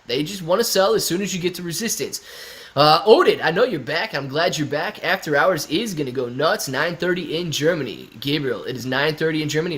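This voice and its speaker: A young man hosting a casual stock market live stream, reading viewer comments aloud and riffing on them in a chatty, excitable way. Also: fairly high pitch. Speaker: stock market livestream host.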